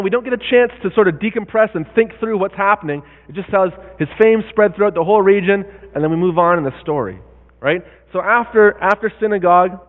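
Male pastor, sermon delivery, explanatory tone that checks in with listeners; tinny phone-band sound, long reverb. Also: sits high. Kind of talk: sermon teaching on a Bible passage.

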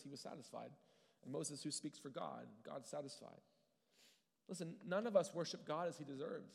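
A man's voice: on the high side, vocal fry, darkish tone, long reverb tail. A male pastor giving an earnest, conversational sermon, restarting words now and then.

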